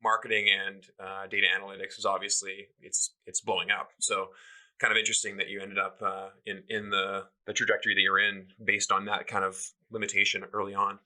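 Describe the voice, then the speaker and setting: A man's voice: fairly low pitch, monotone, a little fast, pushed and bright, poor audio. A man hosting a podcast, asking long, rambling, hesitant questions. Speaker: podcast host. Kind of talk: interview questions.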